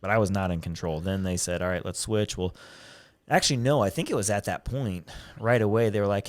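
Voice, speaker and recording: A man casually chatting and trading a story, animated and quick to laugh. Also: on the low side, dry recording. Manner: animated, laughs often, chimes in. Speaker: podcast host. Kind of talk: casual chat.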